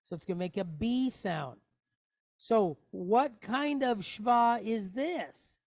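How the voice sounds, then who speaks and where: A woman's voice: medium pitch, lively intonation, slow, a little mellow, no echo, clean studio sound. A woman teaching a Hebrew reading lesson, patiently explaining each letter and asking the class questions.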